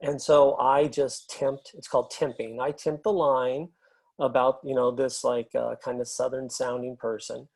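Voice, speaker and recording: A middle-aged man speaks at an ordinary pitch for a man. He tells his stories in a relaxed, rambling way, with plenty of fillers. He sounds like a film and TV editor being interviewed. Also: measured pace, creaky, husky. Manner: relaxed storyteller, many fillers. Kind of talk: casual interview anecdotes.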